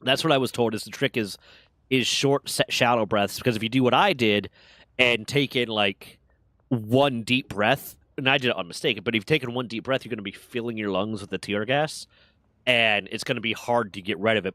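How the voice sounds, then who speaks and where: A man streaming a game, chatting casually and telling an animated story with a lot of swearing. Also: on the low side, no room sound. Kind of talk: casual gaming chat.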